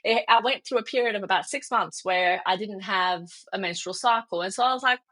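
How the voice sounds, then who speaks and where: Middle-aged woman guest telling a story, lively, acts out the people in it, laughs a lot. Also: medium pitch, a little fast. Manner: animated, acts out quoted dialogue with laughs. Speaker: guest, fertility expert. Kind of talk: storytelling in an interview.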